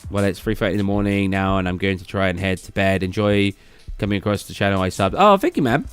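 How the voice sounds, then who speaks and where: This British streamer talks fast in a low, clean-toned voice, with soft music playing behind him. He chats loosely from his gaming computer indoors, picking up viewer messages, reading them aloud and responding.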